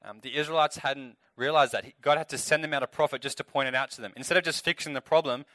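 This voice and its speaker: A man's voice: mid-range voice, steady tone, quick pace, pushed and bright, dry recording, studio quality. A young man giving a casual Bible talk to a youth group, speaking directly to the kids. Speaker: youth leader.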